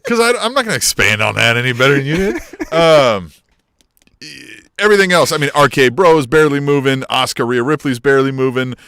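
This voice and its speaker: Man, bright edgy tone, lively pitch, exasperated, profane casual podcast chat. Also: a little fast, clean tone. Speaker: podcast co-host.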